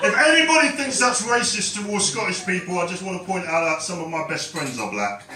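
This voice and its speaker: A man's voice: sits high, expressive, brisk, far from the mic, very noisy. A man doing a stand-up comedy set, chatting and bantering with the crowd. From London. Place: comedy club stage. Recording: roomy live club sound with crowd. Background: audience laughing and clapping.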